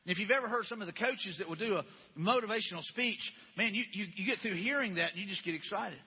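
A man's voice: sits high, fast talker, breathy edge. A man preaching a conversational sermon, asking his listeners one question after another. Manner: conversational, repetitive rhetorical questions. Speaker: pastor. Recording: dull lo-fi recording with long hall reverb.

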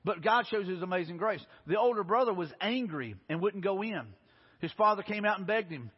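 A man's voice: high-pitched, animated, brisk, breathy edge. A male pastor, preaching a sermon in an earnest way, often restarting and repeating words. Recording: dull recording in a reverberant hall.

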